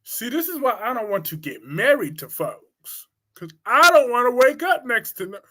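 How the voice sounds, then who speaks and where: High-pitched guy on a live stream, blunt crude gossip, teasing, gets loud then quiet fast. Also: sing-song. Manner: teasing, quick swings in loudness. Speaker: host of a live soap opera talk stream. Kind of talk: casual live-stream chat, answering chat comments.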